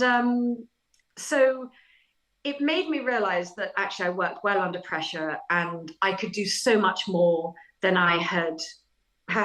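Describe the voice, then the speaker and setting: A middle-aged woman, talking as a guest in a podcast interview. She tells her stories in a lively, chatty way, with self-deprecating humour and an easy conversational pace. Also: mid-range voice, low-quality recording. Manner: animated, chatty anecdotal telling with self-deprecating laughs. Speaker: author guest. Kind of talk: casual interview storytelling.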